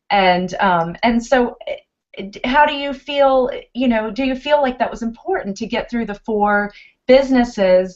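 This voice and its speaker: A woman hosts an interview podcast in an earnest, encouraging way. Her voice sits in a middle pitch, and the recording sounds dull and lo-fi. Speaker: podcast host. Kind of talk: interview questions and praise. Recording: dull lo-fi audio.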